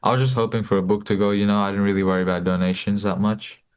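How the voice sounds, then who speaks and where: A man's voice: lowish voice, little pitch movement, racing, clear, resonant tone. A young man in his late teens telling a personal story casually, with many fillers and restarts. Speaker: guest, book distributor.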